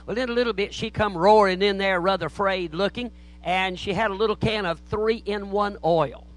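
In a church, a pastor preaches a sermon in a high-pitched, steady voice at normal speed, telling folksy stories and jokes. He acts out the voices in his anecdotes, and the audio quality is poor.

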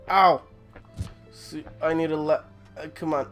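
A hoarse gaming host losing their voice, swearing and cheering through casual gameplay commentary at home. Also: medium pitch, measured pace, long pauses, soft background music. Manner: profane, talks to the game, grunts and cheers while playing. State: hoarse, voice giving out from sickness.

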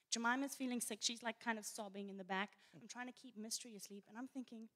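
A woman, a pastor's daughter, telling a story in church in an animated way and laughing often. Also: on the high side. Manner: animated, laughing as she tells it. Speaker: guest speaker, pastor's daughter.

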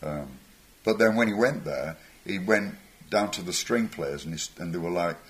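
A man's voice: deep voice, normal speed, fairly bright tone. An older man, a musician guest on stage, telling rambling anecdotes with chuckles and acted-out voices. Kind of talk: anecdotal storytelling.

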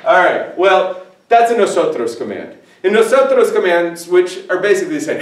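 A man with a high-pitched voice teaches a Spanish grammar lesson on video at a moderate pace. He explains things playfully, joking with his cameraman through animated asides. The room is echoey and the mic is distant.

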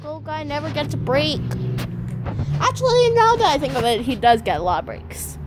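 Playful high-voiced woman vlogger. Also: wildly swooping pitch, quick pace. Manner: playful and giggly, calls herself weird. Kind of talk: casual vlog talking to viewers and her dog. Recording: noisy home video with wind.

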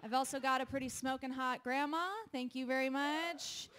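A woman's voice: high-pitched, fairly even intonation, moderate pace, fairly bright tone. A young woman doing a stand-up comedy set on a live stage, chatty and self-deprecating, laughing between her jokes. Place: live venue with an audience.

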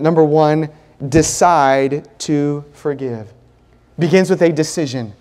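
A man with a high voice preaching in an earnest, emphatic way, driving his points home through repetition. His words ring out with a long reverb off the walls of a church sanctuary. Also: darkish tone. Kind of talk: sermon.

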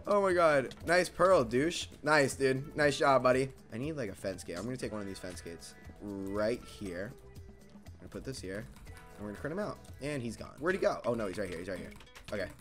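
Frantic young man yelling over gameplay. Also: mid-range voice, expressive, fairly quick, soft background music. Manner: frantic, swearing, swings from mumbling to yelling. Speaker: gaming video creator. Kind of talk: excited gameplay commentary.

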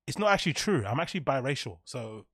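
A young man, streaming live and reacting to his chat in an animated, profane, mock-outraged way. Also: mid-range voice, fast, slightly rough, no room sound, clean studio sound.

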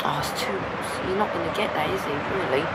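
A man giving live commentary as he plays a football video game, excitable, cheering and shouting at the game and swearing now and then. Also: fairly high pitch, quick pace, heavy background noise.

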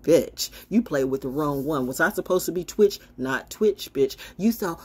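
A woman's voice: low-pitched, expressive, normal speed, husky. A woman holding a casual, brash, sassy monologue to camera as a self-styled spiritual oracle, swinging from mocking asides to blunt remarks.

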